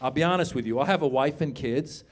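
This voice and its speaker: A man in his fifties performing stand-up comedy, chatting with the crowd and shouting his punchlines. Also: mid-range voice, fast, noisy background. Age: 50s. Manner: animated, shouts punchlines, acts out voices.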